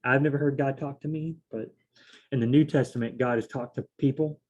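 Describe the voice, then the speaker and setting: A man's voice: mid-range voice, steady tone, fairly quick, a little mellow, dull audio. A man studying scripture aloud on his own, reading verses and then paraphrasing them in a loose, fumbling way, often correcting himself. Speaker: solo Bible study host.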